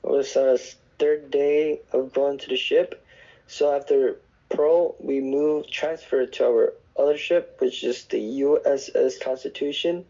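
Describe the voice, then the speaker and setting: A man's voice: medium pitch, fairly even intonation, a little slow, mellow, dull audio. A young man, a navy sailor, telling rambling, profane stories in casual podcast chat. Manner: rambling, swears often, restarts. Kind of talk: casual storytelling. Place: dorm room on base.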